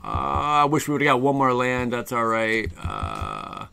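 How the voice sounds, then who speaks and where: A man streaming a card game live, chatting with viewers in an excitable, jokey way. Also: mid-range voice, unhurried, gravelly, noisy background. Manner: excitable, jokey, talks to chat. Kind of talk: casual live stream commentary.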